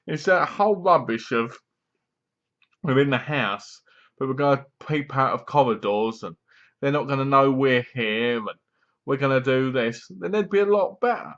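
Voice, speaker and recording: A man's voice: mid-range voice, animated, normal speed, fairly bright tone. Man rambling through a film review. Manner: rambling, enthusiastic retelling with acted-out quotes and laughs. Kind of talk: casual spoken film review. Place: home room, seated in a squeaky chair. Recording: dull lo-fi home recording.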